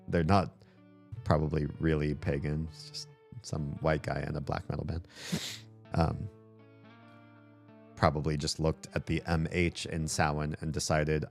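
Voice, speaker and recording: A man's voice: extremely low pitch, level tone, measured pace, creaky, long pauses. A man streaming a game, chatting casually and rambling aloud with plenty of fillers, with faint game music behind him. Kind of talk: casual gameplay commentary chat.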